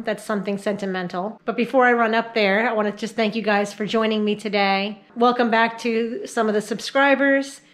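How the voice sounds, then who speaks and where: This is a chatty middle-aged woman from the Catskills, New York, vlogging a casual tour of her home as she moves between rooms and talks to viewers. Her voice sits on the high side, the recording is rough, and she slips into baby-talk for her dogs.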